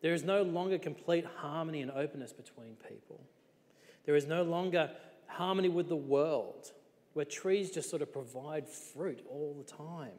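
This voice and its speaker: A man preaching a sermon in a relaxed, conversational way, with many rhetorical questions. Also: a little high, normal speed, in a large hall.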